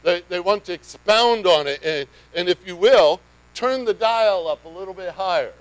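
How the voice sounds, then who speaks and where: A man preaching a sermon, his voice sitting a little higher than most men's. He talks conversationally with the congregation, then swells into emphatic bursts. A faint mains hum runs beneath the recording. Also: animated, normal speed, no echo, rough recording. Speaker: pastor.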